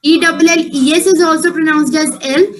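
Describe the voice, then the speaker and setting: High-voiced woman teaching a patient class. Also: steady tone, low-quality recording. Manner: patient, repeats points slowly. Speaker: French teacher. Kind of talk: online class instruction.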